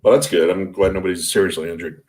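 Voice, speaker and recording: A man on a casual podcast, cracking quick jokes and quips. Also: low voice, steady tone, a little mellow. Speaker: podcast co-host. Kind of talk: casual chat.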